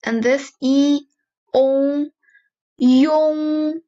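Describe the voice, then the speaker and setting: A woman teaching Mandarin pronunciation with a Mandarin Chinese accent, saying each syllable slowly and repeating it for learners. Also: high-pitched, steady tone, dull audio. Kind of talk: slow pronunciation drill lesson.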